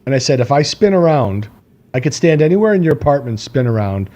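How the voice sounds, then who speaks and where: A man's voice: mid-range voice, very animated, brisk, warm tone. A man co-hosting a podcast, telling a long rambling story with many fillers, laughing and acting out quotes. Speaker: podcast co-host. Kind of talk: casual chat.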